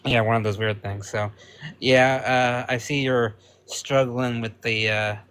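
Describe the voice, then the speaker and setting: A man's voice: medium pitch, fairly even intonation, measured pace, fairly bright tone, smooth. A man calling into a livestream, chatting casually and sympathetically with plenty of fillers. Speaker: guest caller. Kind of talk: casual call-in chat.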